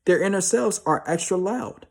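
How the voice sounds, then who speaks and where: Young male motivational speaker, husky voice, street slang, hammers points with repetition. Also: high-pitched, expressive, normal speed. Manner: slangy, emphatic, repeats himself. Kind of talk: motivational monologue.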